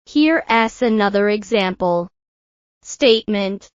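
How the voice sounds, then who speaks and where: A woman teaching an English pronunciation lesson in a scripted style, modelling words slowly and clearly for the learner to repeat. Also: a little high, dry recording, muffled recording. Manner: slow, deliberate, models words for repetition.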